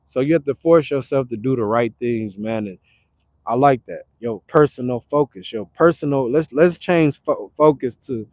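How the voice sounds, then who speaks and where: A man from Detroit talking casually on a livestream, animated and repetitive, breaking into loud acted retorts. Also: a little high, no echo. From Detroit, Michigan. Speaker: livestream host. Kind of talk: casual motivational livestream talk. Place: now staying in Arizona.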